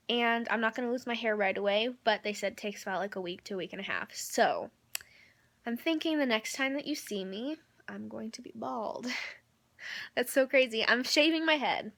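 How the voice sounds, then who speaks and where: A woman's voice: on the high side, a bit bright. Candid young woman vlogging from a hospital room. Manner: rambling, candid, filler-heavy with frequent ums and likes. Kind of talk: personal video update.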